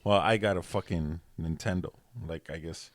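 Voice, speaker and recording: A man's voice: low-pitched, moderate pace, no room sound, clean studio sound. A man in his forties, co-hosting a podcast in casual, profane chat and laughing often. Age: 40s. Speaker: podcast co-host.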